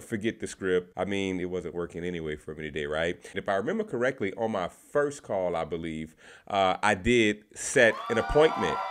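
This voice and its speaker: Low-voiced man giving casual sales tips. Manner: conversational, repeats words, restarts phrases. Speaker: sales representative sharing tips. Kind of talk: casual talking-to-camera advice.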